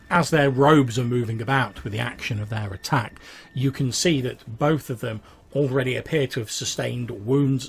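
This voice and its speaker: Gravelly game master narrating. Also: male voice, mid-range voice. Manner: descriptive, measured narration.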